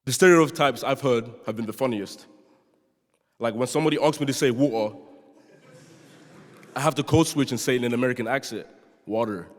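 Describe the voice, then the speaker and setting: A man's voice: mid-range voice, fast. Young London man giving a chapel speech. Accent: London English. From London, born in Nigeria. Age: young adult. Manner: earnest, banters with the audience. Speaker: student speaker. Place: large chapel. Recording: long reverb of a chapel hall.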